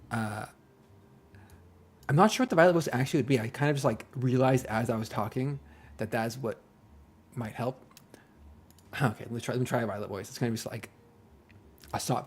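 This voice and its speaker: A man's voice: medium pitch, darkish tone, breathy edge. A man chatting casually on a live stream, rambling and self-deprecating with joking asides, and faint music playing behind him. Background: faint background music.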